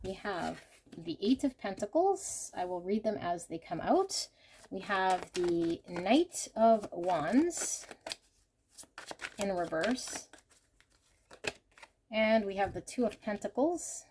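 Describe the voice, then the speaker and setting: Gentle, effusive woman reading tarot. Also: medium pitch, sing-song, takes it slowly, pauses often, slight background noise. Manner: gentle, effusive, often exclaims in delight; talks while shuffling and laying out cards. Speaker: tarot reader.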